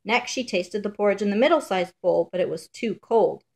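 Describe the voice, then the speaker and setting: A woman reading a children's fairy tale aloud in a measured, rhythmic storybook manner. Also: mid-range voice, lively intonation, gravelly, a little mellow.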